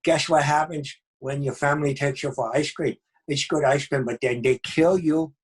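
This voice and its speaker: A man's voice: on the high side, steady tone, moderate pace, slightly rough. A man voicing a dim, chatty female pet bulldog that pleads in a whiny, childlike way. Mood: grumbling.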